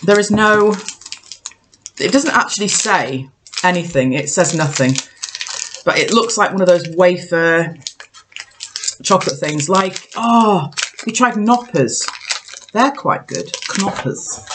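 A woman chats on camera while she tastes snacks. Her voice sits fairly low but swings widely in pitch, and she talks unhurriedly. She jokes about herself and thinks out loud, with a faint hiss in the background. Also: animated, takes it slowly, pauses often. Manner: chatty, self-mocking, thinks aloud while tasting. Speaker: vlogger. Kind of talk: casual snack-tasting chat.

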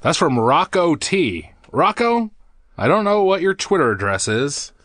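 A man's voice: on the high side, very animated, unhurried, fairly bright tone, no room sound, clean studio sound. A man co-hosting a podcast, trading teasing jokes in casual banter. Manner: jokey, teasing, laughs often. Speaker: podcast co-host.

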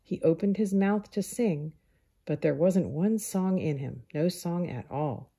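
Woman reading a picture book aloud, low husky voice, slow and calm. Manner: calm, unhurried storybook reading. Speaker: storyteller.

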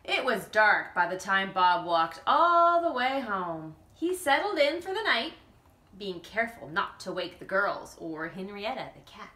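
Brief: woman reading a children's storybook, lively pitch, bright tone, roomy sound. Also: unhurried. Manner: animated, with playful asides to listeners. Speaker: children's book reader. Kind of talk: reading a picture book aloud to children.

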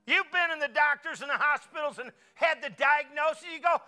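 Middle-aged male pastor, high bright voice, folksy fiery preacher, faint music under. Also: fairly quick. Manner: folksy, preachy, swings between quiet asides and loud exclamations. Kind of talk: sermon.

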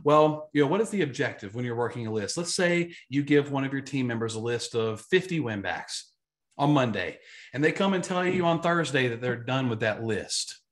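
A man, an insurance agency trainer, giving an emphatic, energetic live online training talk and repeating his key points. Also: mid-range voice, normal speed.

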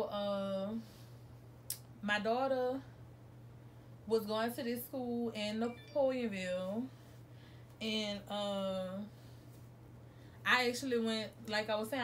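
A woman's voice: mid-range voice, fairly even intonation, slow pace, long pauses, a little hiss or hum. Chatty young New woman vlogging. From New Orleans, USA. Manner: chatty, rambling, self-correcting. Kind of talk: casual storytime monologue.

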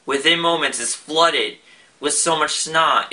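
Young man, casual vlog rambling, very bright tone, mic a little far off. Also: on the high side, takes it slowly. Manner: rambling, many restarts and fillers. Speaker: vlogger.

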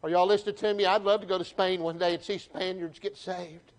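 A man with a Southern US accent preaching a sermon to his church, folksy and animated, often restarting his phrases. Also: high-pitched, fairly quick. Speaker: pastor. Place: church sanctuary.

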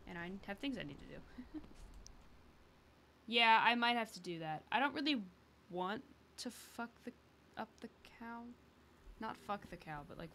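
A woman's voice: mid-range voice, sharp tone, slight background noise. A woman streamer chatting through a game, swearing freely and poking fun at herself. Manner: chatty, sweary, self-mocking. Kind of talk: casual gameplay commentary.

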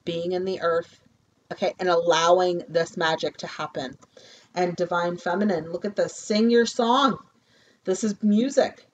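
A woman giving a spiritual tarot reading, effusive and chatty, calling viewers "my loves" and checking in with "okay?". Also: fairly low pitch. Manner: effusive, addresses viewers as "you guys" and "my loves", tags lines with "okay?". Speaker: shaman and tarot card reader. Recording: muffled lo-fi recording with faint hiss.

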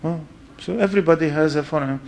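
A man's voice: a little high, quick pace, creaky, darkish tone. Man lecturing with a foreign accent. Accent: foreign accent in English. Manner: anecdotal, checks in with listeners with "huh?". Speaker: religious lecturer. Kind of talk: storytelling lecture to an audience.

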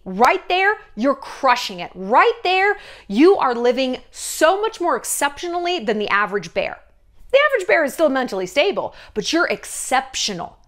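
Chatty sarcastic woman vlogger. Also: fairly high pitch. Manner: chatty, animated, sarcastic asides. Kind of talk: casual opinion rant to camera.

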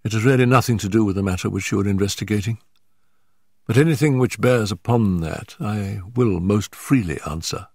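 A man's voice: fairly low pitch, fairly quick, a little mellow, dry recording, clean studio sound. An older man voicing a composed, strong-willed young woman in a story reading, speaking firmly with a slightly raised voice.

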